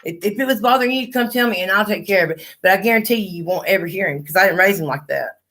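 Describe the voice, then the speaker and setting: A woman's voice: mid-range voice, fast talker, a bit bright. A middle-aged woman, chatting on a livestream and telling blunt, profane stories. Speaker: livestream host. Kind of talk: casual chat.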